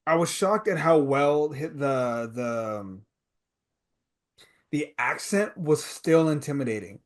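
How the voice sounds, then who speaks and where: A man co-hosting a casual film podcast, his voice sitting a little higher than most men's. He gives blunt, emphatic reactions, leaning hard on strong words when something impresses or unsettles him. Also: animated, slow. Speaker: podcast co-host. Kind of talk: casual film review chat.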